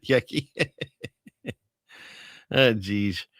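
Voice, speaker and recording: A man's voice: medium pitch, lively intonation, drawn-out words, fairly bright tone, no room sound, studio quality. A man hosting a show in casual livestream chat, rambling and chuckling as he talks to his wife off-mic. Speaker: host.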